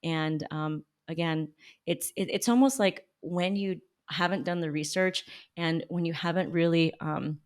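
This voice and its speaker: A woman coaching on public relations, casually critiquing examples with emphatic jumps in pitch and quiet, low asides. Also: measured pace. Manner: emphatic, with big pitch jumps when reacting. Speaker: small business PR coach and podcast host. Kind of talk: casual critique read to camera.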